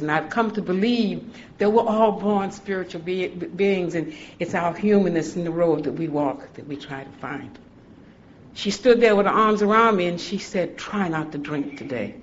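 Woman sharing her own story at a recovery talk; halting and heartfelt, on a muffled recording with a light hiss. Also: on the low side. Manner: halting, heartfelt storytelling with restarts and soft laughs. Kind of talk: personal testimony talk. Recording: dull lo-fi recording with faint hiss.

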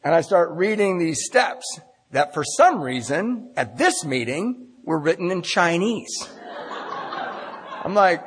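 A man's voice: on the high side, moderate pace, long reverb tail. A man giving a talk at a recovery meeting, telling his story to a large audience and acting out the voices of the people in it. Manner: animated storyteller, acts out voices.

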